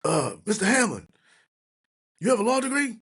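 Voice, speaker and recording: A man voicing a stern, raspy older male judge who questions incredulously in a raised, higher voice. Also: big pitch swings, normal speed, fairly bright tone, full character voice.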